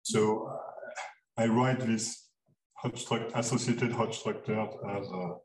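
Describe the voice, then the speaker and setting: Man, math lecture, halting, echoey hall. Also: lowish voice, steady tone. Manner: halting, many fillers and restarts. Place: lecture room. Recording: echoey lecture hall, mic far off, noisy.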